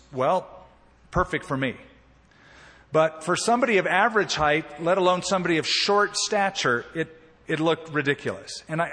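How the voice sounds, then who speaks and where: Husky-voiced male pastor in a reverberant church. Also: a little high. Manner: animated storytelling, with swings between emphasis and quiet asides. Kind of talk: sermon. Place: church sanctuary.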